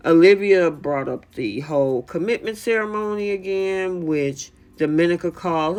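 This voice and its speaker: A woman's voice: lowish voice, normal speed, few pauses, darkish tone. A woman hosting a casual reality TV recap, chatty and opinionated, with many fillers.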